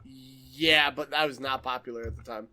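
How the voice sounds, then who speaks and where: A young man hosting a casual podcast, excitable and foul-mouthed, laughing often as he tells stories. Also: mid-range voice, moderate pace. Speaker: podcast host.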